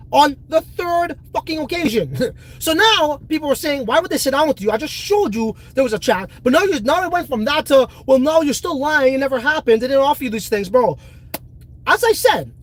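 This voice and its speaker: A man's voice: very high voice, husky, low-quality recording. A man hosting a casual livestream, talking bluntly and profanely and often ranting in a fired-up way. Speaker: livestream host.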